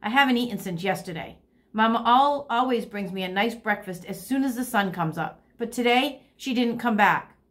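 A woman's voice: on the high side, animated, moderate pace, a bit bright. A woman voicing a bossy, hungry young female bird who can't fly, demanding and pouting.

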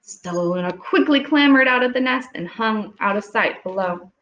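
A woman reading picture books aloud to young children at home, pausing gently to ask them questions. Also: on the high side, expressive, slight background noise. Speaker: storytime reader. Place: home room with children nearby. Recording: echoey room, dull lo-fi audio.

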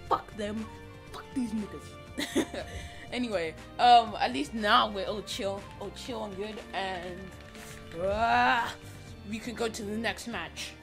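A young man giving profane, excitable trash-talk commentary over his gameplay, breaking into sudden shouts. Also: high voice. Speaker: gaming channel host. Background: game music.

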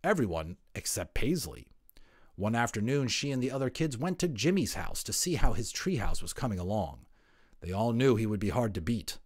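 A man's voice: on the low side, very animated, normal speed, darkish tone, dry recording, studio quality. A man narrating a children's picture book aloud, adding chatty asides. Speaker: voice actor narrator.

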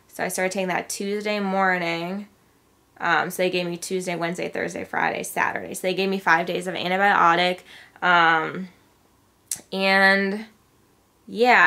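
Bright-voiced young woman vlogger. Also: lowish voice. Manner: chatty, heavy on filler words. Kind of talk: casual vlog chat.

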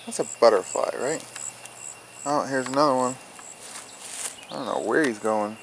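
A man casually vlogging, chatty and loud while showing his garden, then speaking softly to soothe a sleepy cat. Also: medium pitch, moderate pace. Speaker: daily vlogger. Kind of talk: casual vlog narration. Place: outdoors in a garden. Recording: handheld camera, clear background noise.

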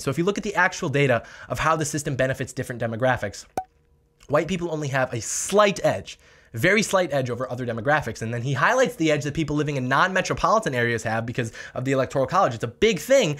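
A man's voice: mid-range voice, expressive, fast talker, a bit bright. A man hosting a political opinion vlog, talking in a sarcastic, mocking manner. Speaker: political commentary host.

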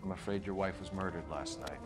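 A man plays a composed game detective delivering news in a formal, polite manner. His voice is somewhat low. Music is clearly audible behind him. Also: fast, lightly acted. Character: formal male police detective, calm and measured.

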